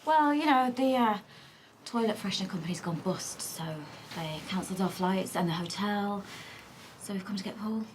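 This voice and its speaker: A woman with a Northern English accent playing a sharp, sarcastic ex-wife and mother in a TV comedy drama. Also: mid-range voice, moderate pace, slight background noise, lightly acted.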